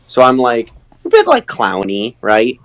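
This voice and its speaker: Animated man telling stories. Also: medium pitch, unhurried, rough recording. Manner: animated storytelling, slips into voices. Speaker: voice actor. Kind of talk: casual chat in a voice chat.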